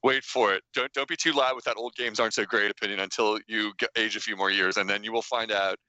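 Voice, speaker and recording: Deep-voiced man in animated chat. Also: fast talker, no echo, poor audio. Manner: animated, teasing, stammers into restarts. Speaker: podcast co-host. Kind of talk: casual chat.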